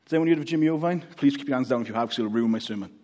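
A man's voice: medium pitch, very fast, a little mellow. A Welsh man preaching a casual, joking sermon, often checking in with the congregation. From Wales. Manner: chatty, joking, checks in with "okay?".

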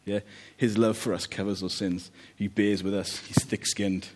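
Chatty preacher, low voice. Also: male voice, level tone, normal speed, a little mellow. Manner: chatty, jokey, checks in with "okay?". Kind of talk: conversational sermon.

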